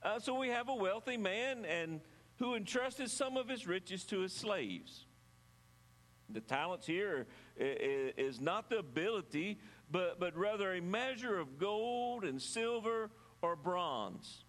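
A man preaching a sermon, reading scripture aloud and then explaining it in an earnest, measured way, sometimes halting and restarting his words. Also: sits high, animated, fairly bright tone, long reverb tail. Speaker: pastor.

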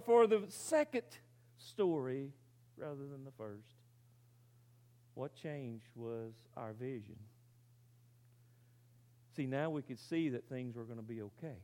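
A man preaching, telling a story with dramatic swings from loud to very quiet and asking his listeners rhetorical questions. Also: medium pitch, expressive, normal speed, long pauses. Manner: asks the audience rhetorical questions. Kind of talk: sermon illustration.

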